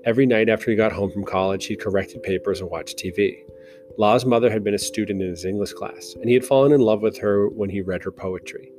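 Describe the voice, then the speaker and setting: A man reads a novel aloud as a narrator, in a slow, measured style. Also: lowish voice. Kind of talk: audiobook narration. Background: soft guitar music.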